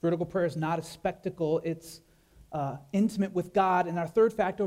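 A man pastor preaching a sermon, animated, with many rhetorical questions and repeated words. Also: high voice, brisk.

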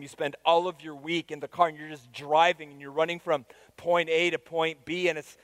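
A man preaching a sermon as pastor, moving between soft, intimate asides and loud, emphatic declarations. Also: a little high. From United States.

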